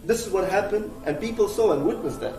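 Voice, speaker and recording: A man's voice: high voice, animated, fast talker, darkish tone. Man retelling a religious story, roomy sound. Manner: conversational, full of "you know" fillers and restarts; sprinkles in Arabic religious terms. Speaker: preacher. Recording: roomy, from a distance, faint music behind.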